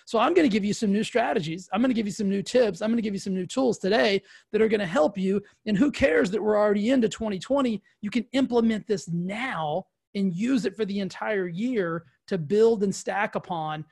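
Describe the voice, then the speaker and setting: A man giving an energetic, emphatic motivational talk to camera as a coach, often repeating his words for emphasis. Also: high-pitched, brisk, creaky, few pauses, slightly rough. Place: indoors, filmed for video.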